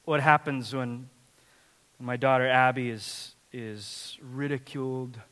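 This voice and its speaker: A man in his thirties preaching a sermon as a dad telling family stories, animated and swinging from loud to hushed. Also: medium pitch, slow. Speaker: pastor. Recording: long hall reverb.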